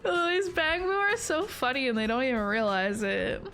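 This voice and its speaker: A woman's voice: a little high, big pitch swings, normal speed, a bit bright, soft background music. A woman streaming a game, chatting casually in a giggly, playful way. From Canada. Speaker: VTuber streamer. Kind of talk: casual gaming stream chat.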